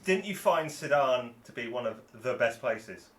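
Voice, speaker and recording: A man's voice: medium pitch, lively intonation, normal speed, a bit bright, echoey room, a little hiss or hum. A man co-hosting a live stream, bantering and teasing in a casual chat. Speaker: co-host.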